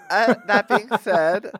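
A man's voice: high voice, a bit bright, no echo. A man co-hosting a podcast, telling a story animatedly with lots of swearing and laughter. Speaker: podcast co-host. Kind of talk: casual podcast chat.

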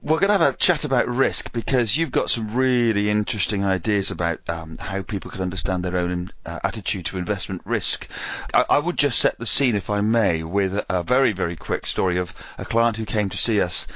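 A man hosting a podcast interview, setting up questions with a quick story. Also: fairly low pitch, fairly bright tone, no echo. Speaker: podcast host.

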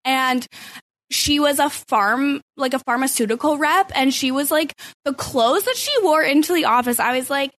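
A young adult woman chatting casually on a podcast, enthusiastic and quick to laugh. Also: high-pitched, fairly bright tone, no room sound.

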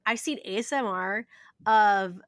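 A woman's voice: medium pitch, measured pace, dry recording, clean studio sound. A woman co-hosting a podcast in casual chat, chatty, laughing easily and restarting her sentences. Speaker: podcast co-host.

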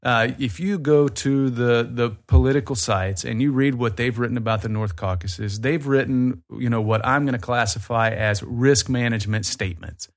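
A man with an American Southern accent, a guest on a podcast interview, speaking in an earnest, persuasive and inviting way. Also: medium pitch. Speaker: tour company guest.

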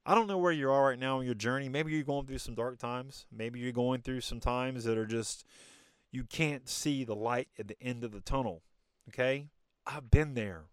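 A man's voice: mid-range voice, normal speed, smooth, no room sound, studio quality. A man giving an emphatic, preachy motivational talk straight to the listener as a podcast host. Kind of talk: motivational monologue.

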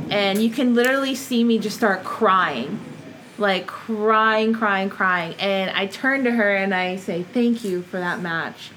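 A woman's voice: mid-range voice, slight background noise, rough recording. Chatty woman telling wrestling stories. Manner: animated, laughs often, lots of "like". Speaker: professional wrestler guest. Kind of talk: casual storytelling interview.

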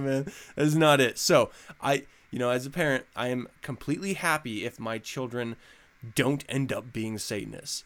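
Animated, profane male podcast host. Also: medium pitch, normal speed. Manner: profane, animated ranting with frequent laughs. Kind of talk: casual podcast chat.

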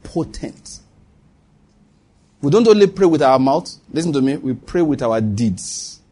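A man's voice: on the high side, animated, measured pace, dark tone, slightly rough. A man preaching a sermon, earnest, teasing and exhorting.

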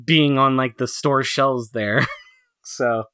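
A man's voice: mid-range voice, steady tone, slow pace, a bit bright, clean tone, no echo. A man co-hosting a podcast, chatting casually about cartoons, laughing often and rambling with lots of fillers. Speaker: podcast co-host. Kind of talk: casual chat reviewing cartoons.

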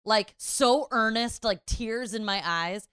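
A young woman, a first-time mother, telling a story in casual chat, animated and swearing freely. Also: fairly high pitch, slow, smooth, no echo, clean studio sound.

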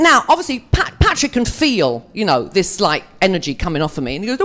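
Lively, joking woman telling stories. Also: medium pitch, brisk, hardly any pauses, slight background noise. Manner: chatty, joking, self-mocking. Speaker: actress speaking at a fan convention panel. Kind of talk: anecdotal storytelling to a live audience.

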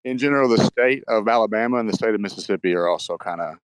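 Laid-back Kentucky man, lowish voice. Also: fast talker, smooth, dry recording. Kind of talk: casual chat.

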